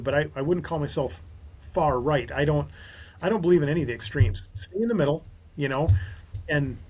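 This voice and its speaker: A man from Minnesota talks as a guest on a casual podcast, his voice somewhat high and husky. He tells stories with animation, acting out what others said in little bits of dialogue. His speech runs on in loose, conversational phrases. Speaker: guest, auto repair business owner.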